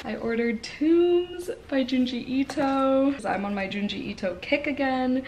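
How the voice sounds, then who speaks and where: A woman's voice: sits high, unhurried, background noise. Gushing young woman vlogger. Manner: gushing, excitable, swears casually. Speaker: booktuber. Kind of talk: casual vlog chat. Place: at home, unboxing book mail. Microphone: camera propped on a coffee cup.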